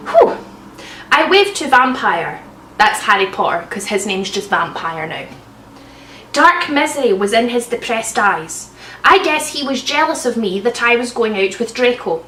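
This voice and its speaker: A woman's voice: a little high, sing-song, a little slow, pushed and bright, a little hiss or hum. A young woman reading bad fanfiction aloud and breaking off for sarcastic, swearing asides. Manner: sarcastic, swears, bursts into laughter. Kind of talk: comic dramatic reading with mocking asides. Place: room at home. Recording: roomy sound, slightly distant mic.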